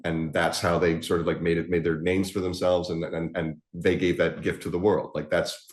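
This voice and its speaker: A man's voice: deep voice, little pitch movement, normal speed. A man co-hosting a podcast in a casual chat, talking loosely with plenty of restarts and repeated words. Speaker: podcast co-host. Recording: roomy echo.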